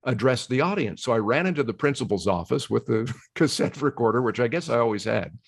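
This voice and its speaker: An older man, a guest on a conversation show, telling stories in a lively way, acting out quoted voices and laughing easily. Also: medium pitch, fast talker, creaky, no room sound, clean studio sound. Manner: animated storyteller who slips into quoted voices. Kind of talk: casual conversation.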